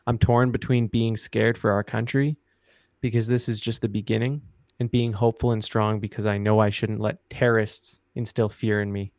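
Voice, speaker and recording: A man's voice: lowish voice, level tone, normal speed, darkish tone, no echo, studio quality. A Canadian man co-hosting a podcast, chatting casually and joking with some swearing. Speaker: podcast co-host. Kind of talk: casual chat.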